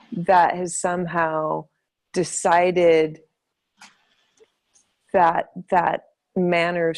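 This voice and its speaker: A woman in casual conversation, talking reflectively and hesitantly as she searches for her words. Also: lowish voice.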